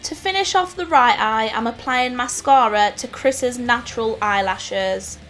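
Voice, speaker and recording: Woman, Nottingham accent, higher voice, clear step-by-step tutorial narration. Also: a little slow, a bit bright. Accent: English Midlands (Nottingham). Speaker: makeup artist host. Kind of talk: scripted tutorial voice-over. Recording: voice-over with faint music.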